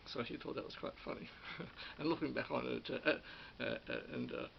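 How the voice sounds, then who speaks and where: Gravelly, halting Australian man reminiscing. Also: mid-range voice, huge pitch swings, highs cut off, slight background noise. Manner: halting, many restarts and repeated words, chuckling. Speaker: former radio studio producer. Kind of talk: rambling personal reminiscence.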